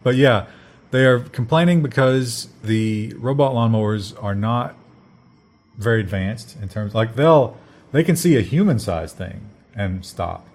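A man's voice: lowish voice, lively intonation, a little slow, darkish tone. An American man co-hosting a casual news chat, talking with wry joking asides. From United States. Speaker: podcast co-host.

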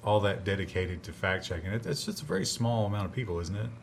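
A man's voice: on the low side, animated, quick pace, vocal fry, noisy background. A man co-hosting a podcast, talking casually and skeptically, often restarting his sentences. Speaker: podcast co-host. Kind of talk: casual chat.

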